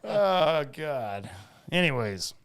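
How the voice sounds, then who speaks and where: Animated podcast co-host. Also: male voice, a little high, extremely slow, clear, resonant tone. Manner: animated, swears often, says bro and dude. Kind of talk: casual sports and pop-culture chat.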